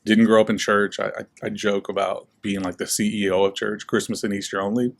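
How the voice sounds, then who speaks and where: A young man telling his life story in a relaxed, chatty interview. He fills his talk with "like" and acts out the voices he quotes. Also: fairly low pitch, fairly quick, vocal fry. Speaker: guest speaker.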